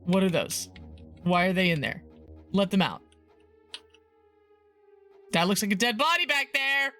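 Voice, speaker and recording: A woman's voice: mid-range voice, very animated, measured pace, a bit bright, soft background music. A woman streaming a game, reading its eerie text aloud and chatting casually, laughing often and swearing now and then.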